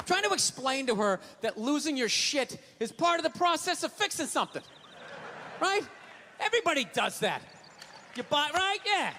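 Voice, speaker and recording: This stand-up comic has a very high voice with big pitch swings and speaks at a normal speed. Swearing a lot, he rants and acts out heated arguments in different voices, with loud background noise behind him.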